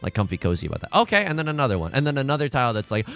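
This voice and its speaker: A man streams his gameplay live and keeps a playful running commentary. His pitch swings widely as he jokes and often jumps into loud outbursts. Faint game music plays behind him. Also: racing, vocal fry. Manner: animated, jokey, bursts into sudden loud exclamations.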